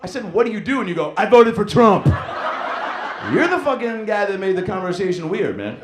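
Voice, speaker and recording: A man's voice: high voice, very animated, fast, roomy sound, noisy background. A man doing stand-up crowd work, teasing an audience member in profane, incredulous language. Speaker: stand-up comedian. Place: comedy club stage.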